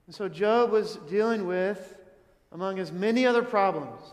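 Guy preaching in a big echoey hall, pretty high voice, keeps asking the crowd questions. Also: normal speed. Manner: earnest, asks the listeners many questions. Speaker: pastor. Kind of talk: sermon.

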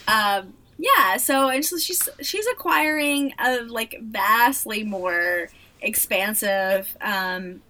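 A woman co-hosting a casual podcast, chatty and expressive, full of fillers. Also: mid-range voice, far from the mic. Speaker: podcast co-host.

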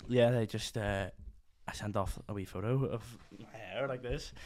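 Chatty young Northern Irish man, low voice. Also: normal speed, a little mellow. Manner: rambling storyteller, many fillers. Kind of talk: casual chat.

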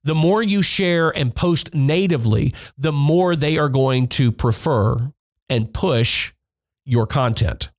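A man's voice: a little high, slow. Guy hosting a podcast, blunt and pushy, keeps hammering the same point, swears a lot. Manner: blunt, emphatic and repetitive, swears. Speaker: music industry podcast host. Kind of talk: instructional podcast monologue. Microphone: podcast mic.

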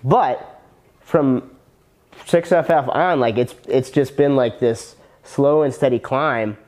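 A man's voice: medium pitch, slow pace, darkish tone. A young man, a former personal trainer who became a copywriter, talking casually as a podcast guest, earnest and rambling with many restarts.

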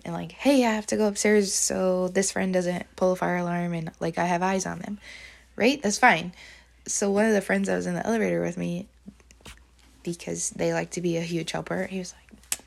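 Woman teacher, diary-style vlog; lowish pitch, lots of fry; rambling, emotional, open. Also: steady tone, moderate pace. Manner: rambling, full of fillers; emotional, confessional. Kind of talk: personal diary talk.

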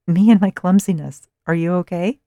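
A woman's voice: lowish voice, moderate pace, warm tone, dry recording, studio quality, pitched above the performer's own voice, natural voice. A reader voicing a clumsy, eager young American woman tourist, with a bubbly, apologetic manner. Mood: flustered.

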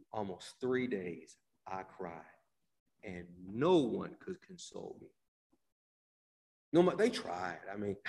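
Male preacher mid-sermon; soft drawn-out lines that flare into loud emphatic bursts, names people in the pews, long hall reverb. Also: on the low side. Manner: drawn-out, repeated phrases, addresses listeners by name.

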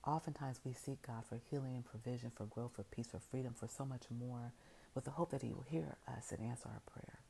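A woman with a remarkably deep, gravelly voice delivers an inspirational faith talk. Her tone is mellow and warm, with a faint hiss behind it. She builds her message through repeated, stacked phrases. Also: steady tone, fairly quick, poor audio. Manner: storytelling retelling of scripture. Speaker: motivational speaker.

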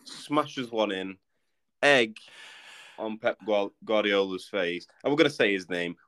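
A man's voice: lowish voice, unhurried, fairly bright tone, smooth. A man co-hosting a football podcast, telling match stories in a teasing, laid-back way. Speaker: podcast co-host. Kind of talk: casual football chat.

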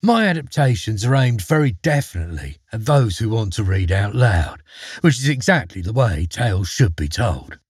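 Expressive husky-voiced male storyteller. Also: on the low side, moderate pace, no room sound, studio quality. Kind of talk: read-aloud fairy tale narration.

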